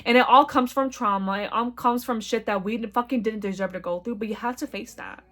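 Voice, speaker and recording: A loud young woman with a slightly high voice, hosting her own podcast. She talks in a blunt, profane, chatty way, and now and then she catches on a word because of her stutter. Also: a little fast. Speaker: podcast host. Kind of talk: casual solo podcast monologue.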